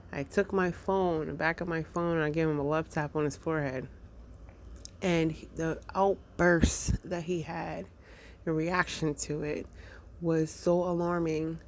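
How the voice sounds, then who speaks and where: A woman's voice: fairly low pitch, slight background noise. A young adult woman, a mother, casually telling a personal story, hesitant with many fillers and restarts.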